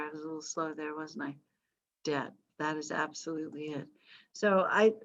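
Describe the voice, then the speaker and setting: Woman teaching a class online, wry and chatty, mid-pitched, recorded dry over a muffled video call. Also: no room sound. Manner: chatty, wry asides, self-correcting. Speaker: history teacher.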